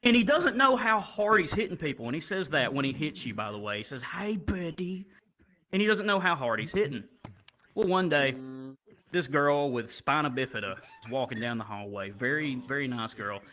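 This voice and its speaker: A young man from Alabama telling a stand-up comedy story into a handheld stage microphone, animated and casually profane. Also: mid-range voice, brisk. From Alabama, USA.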